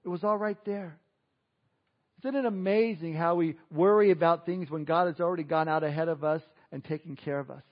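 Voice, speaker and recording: A man preaching an Easter sermon, telling stories with lively swings and quiet emphasis. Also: fairly high pitch, a little fast. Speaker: pastor. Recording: dull lo-fi audio.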